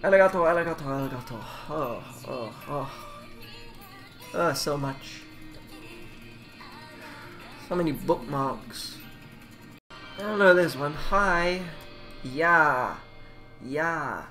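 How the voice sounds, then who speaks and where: Guy mumbling thru japanese phrases at his computer, kinda high voice, faint music behind. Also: lively intonation, extremely slow, long pauses, pushed and bright. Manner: rambling, swears, mumbles while reading aloud. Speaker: vlogger. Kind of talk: casual self-taught language study.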